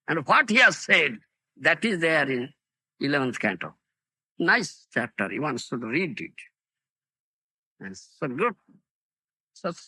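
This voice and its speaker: A man's voice: high voice, bright, forceful tone, slightly rough. A man with an Indian accent giving a scripture lecture, repeating key words and often asking the listeners whether they understand. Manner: keeps asking "do you understand?". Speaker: spiritual teacher.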